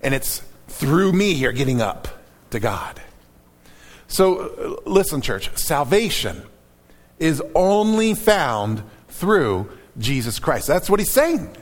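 A man preaching a sermon to his church, reading scripture aloud in a dramatic, animated way. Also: a little high, slow, big-room sound. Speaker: pastor.

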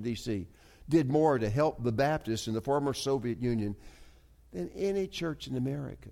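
A man with an expressive, gravelly, mid-range voice preaches a sermon as a pastor, telling a story earnestly. He restarts haltingly many times and swings from soft asides to emphatic climbs.

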